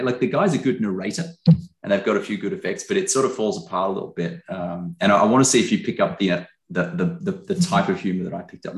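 A man chats casually on a podcast, rambling through an amused story. His voice sits on the low side. The room adds a noticeable echo. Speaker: podcast co-host.

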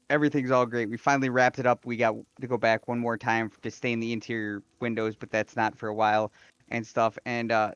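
A man's voice: mid-range voice, a bit bright, clear, resonant tone, dry recording. Man, podcast co-host, loose rambling storyteller, dry muffled lo-fi mic sound. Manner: rambling storyteller with many fillers and restarts. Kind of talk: casual chat.

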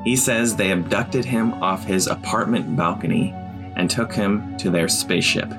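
A man co-hosting a podcast, narrating with a dry, measured delivery. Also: fairly low pitch, music in the background. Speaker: co-host, performer. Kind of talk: casual podcast chat and narration.

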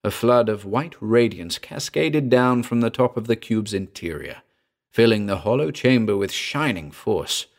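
A man narrating a classic weird tale in the first person, measured and descriptive. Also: on the low side, lively intonation.

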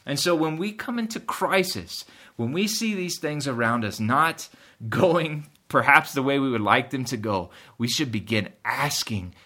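A man's voice: mid-range voice, animated, unhurried, pushed and bright. A man preaching a sermon earnestly, rising in emphasis at key points. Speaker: pastor.

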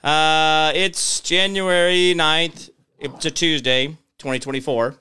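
A man's voice: on the high side, fairly even intonation, takes it slowly, pushed and bright, clean tone. A man hosting his own daily show, talking casually and sarcastically, rambling with many fillers. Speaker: host of a daily talk show. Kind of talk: casual commentary monologue.

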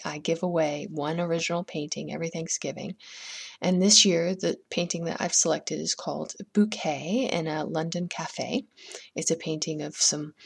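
Gravelly woman telling folktales. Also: deep voice. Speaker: podcast host and storyteller. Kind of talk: podcast chat and folktale storytelling.

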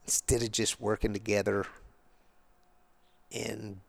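A man's voice: on the low side, little pitch movement, slow pace, gravelly. An older man, a guest on an interview show, telling rambling, colloquial stories in a casual way. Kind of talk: casual storytelling.

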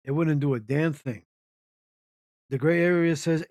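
Man, internet radio host, ranty live commentary, rhetorical questions, slightly high voice, dry sound. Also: unhurried, pauses often, a little mellow, no room sound. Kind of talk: ranting live-stream commentary reading chat.

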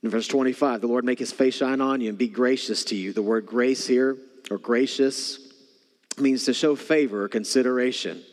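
Pastor preaching in a reverberant hall. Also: male voice, mid-range voice, fairly even intonation, normal speed. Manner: shifts between soft near-whispers and raised preaching. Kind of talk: sermon. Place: church hall.

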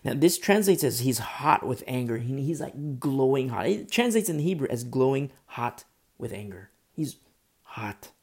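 A man preaching a sermon with a mellow, warm tone. He talks with passion and repeats lines for emphasis. He restarts phrases and drops in asides as he goes. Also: medium pitch, big pitch swings, moderate pace. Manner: impassioned, repetitive, with many restarts and asides.

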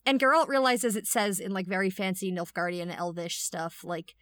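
A woman co-hosting a casual podcast chat, animated, reading out quoted lines from a story. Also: mid-range voice, quick pace, hardly any pauses, dry recording. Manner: animated, reads out quoted lines with dry voices. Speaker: podcast co-host.

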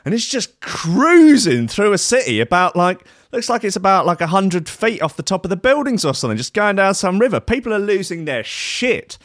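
A man's voice: high-pitched, very animated, moderate pace, few pauses, fairly bright tone, no echo, studio quality. A man hosting a live radio show, chatting in a rambling, irreverent way with plenty of swearing. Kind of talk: casual live radio chat.

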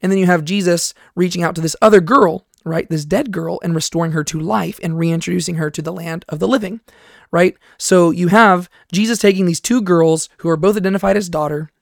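A Bible teacher giving a study lecture, explaining passages step by step, reading scripture aloud and often checking in with a quick "right?". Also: medium pitch, creaky, dry recording, studio quality.

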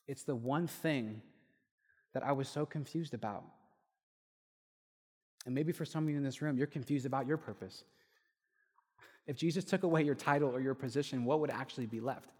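A young man preaching a sermon, telling a personal story and lively when he quotes others. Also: mid-range voice, a little fast, pauses often. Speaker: pastor. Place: church hall. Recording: echoey hall with long reverb.

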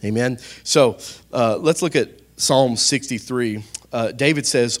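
Animated pastor preaching with a handheld mic. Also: male voice, medium pitch, a little slow. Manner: animated, playful, calls out to the congregation. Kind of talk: sermon. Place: church sanctuary. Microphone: handheld microphone.

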